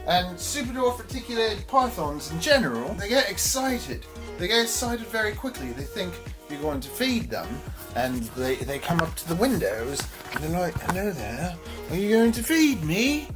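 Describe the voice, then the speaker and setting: A woman's voice: on the low side, big pitch swings, normal speed, over music, poor audio. A woman talking casually to camera in a playful, chatty way, sweet-talking her animals while vlogging in a snake room at home. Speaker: reptile keeper vlogger. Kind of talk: casual vlog talk to camera.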